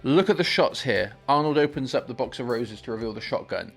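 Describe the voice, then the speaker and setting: Male reactor, mid-pitched, gushing and hyped, faint film music underneath. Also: fairly quick, creaky. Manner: excitable, gushing enthusiasm. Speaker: movie reaction host. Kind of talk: excited film reaction commentary.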